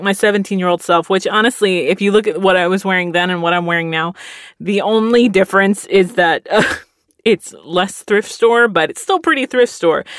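A woman's voice: medium pitch, dry recording, studio quality. A woman in her late thirties from Texas, telling a story casually and with animation, laughing often and filling her speech with "like".

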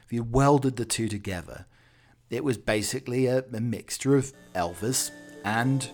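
A man's voice: mid-range voice, normal speed, a little mellow, soft background music. A Scottish man hosting a podcast, rambling through a jokey, musing comic monologue. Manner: jokey, musing, drifts between tangents. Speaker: podcast host.

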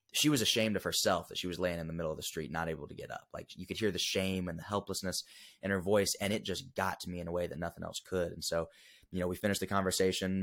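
Deep-voiced young man telling an earnest story. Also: vocal fry, a bit bright. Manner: earnest, emotional storytelling with frequent fillers. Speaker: podcast guest. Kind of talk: casual storytelling interview.

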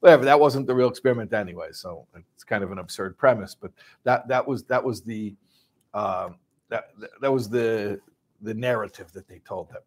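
A man from Chicago casually retelling a story, animated and full of restarts, acting out voices. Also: fairly low pitch, moderate pace. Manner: animated, acts out voices, many restarts and asides.

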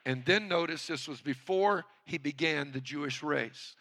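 A male pastor preaches with a high, gravelly voice. His delivery is bright and forceful, and he keeps calling on the congregation to answer back. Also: moderate pace. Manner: calls on the congregation to respond. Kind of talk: sermon.

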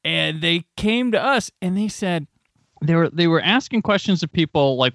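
Animated man telling a story on a podcast. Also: a little high, moderate pace, dry recording, clean studio sound. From Midwest US. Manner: animated, laughs while telling stories. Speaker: podcast host. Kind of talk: casual storytelling chat.

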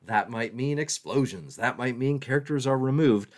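A man's voice: mid-range voice, lively intonation, moderate pace. A man hosting a casual livestream, joking and mocking himself as he answers viewer questions aloud. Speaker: comics livestream host.

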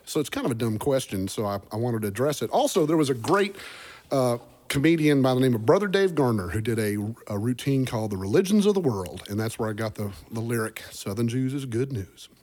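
A man's voice: mid-range voice, big pitch swings, a little mellow. Impassioned man from Oklahoma. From Oklahoma, USA. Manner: emphatic, impassioned, deliberate. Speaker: musician guest. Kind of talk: podcast interview.

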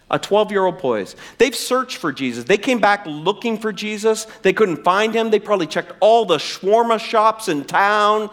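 Animated, lively male preacher. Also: a little high. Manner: animated, humorous, direct address. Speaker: pastor. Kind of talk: sermon.

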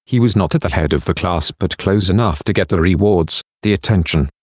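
A man hosting a podcast, reading scripted narration and reflective questions in a measured way. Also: deep voice, darkish tone, no echo, clean studio sound.

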